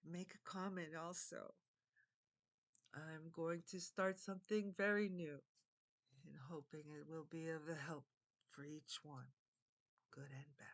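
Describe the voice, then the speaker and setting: An older woman speaks straight to her viewers in an earnest, heartfelt monologue. She talks at an unhurried, drawn-out pace, often circling back and repeating herself. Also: fairly low pitch, a bit bright. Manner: earnest, meandering, repeats phrases. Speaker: vlogger. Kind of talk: heartfelt spoken monologue to camera.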